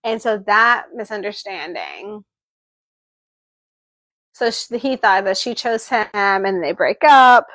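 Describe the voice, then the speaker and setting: A woman's voice: mid-range voice, takes it slowly, pauses often, dry recording. A woman co-hosting a book club, animatedly retelling the plot in casual discussion. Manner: animated retelling, acting out character lines.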